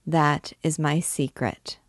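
A woman reading the part of a shy, grave young dancer girl, speaking quietly. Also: deep voice, steady tone, slow, no echo, clean studio sound.

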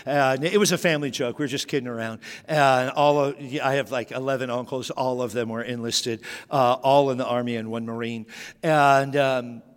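A man's voice: mid-range voice, fairly even intonation, normal speed, clean tone. A middle-aged man preaching a sermon as a pastor, telling stories with frequent restarts. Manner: storytelling with repeated restarts. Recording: long hall reverb.

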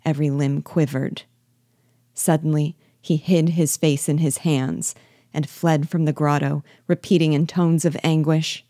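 A woman with a low, mellow voice reads a classic novel aloud in a measured, steady way. The sound is close and dry, with no room around it. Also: dry recording. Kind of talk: scripted narration of a novel.

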